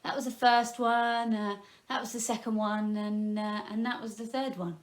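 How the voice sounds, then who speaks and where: A man's voice: high voice, steady tone, normal speed, natural voice. A man voicing a sly, clever crab doctor who speaks in an easygoing way.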